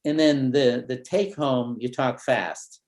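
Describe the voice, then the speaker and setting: A man, a family therapist, gives a parenting training talk in a relaxed storytelling manner, acting out short exchanges and pausing to build suspense. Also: mid-range voice. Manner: relaxed storytelling with role-played dialogue.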